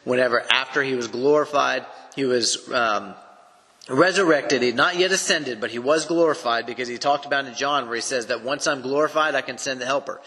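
Man, East Texas accent, bright forceful tone, long echoing reverb, emphatic scripture teaching. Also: mid-range voice, brisk. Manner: earnest, emphatic, explains step by step. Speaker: Bible teacher. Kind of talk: expository Bible teaching.

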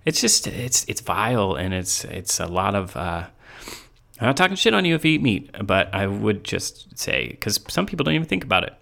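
A man's voice: lowish voice, big pitch swings, normal speed, vocal fry, pushed and bright. A man hosting a casual, rambling home podcast, talking with many restarts and laughing often with a friend who is over. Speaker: podcast host.

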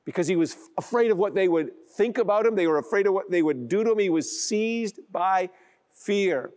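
A man's voice: high voice, animated, brisk, a little mellow. Man preaching a storytelling sermon. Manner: storytelling, acting out quoted lines. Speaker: pastor.

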